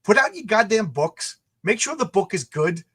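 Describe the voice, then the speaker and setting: A man with a notably high voice, talking fast and heated on a livestream. He rants, swears and keeps acting out little quoted exchanges as he goes. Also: breathy edge. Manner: animated, ranting, acts out quotes. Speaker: comic creator and channel host.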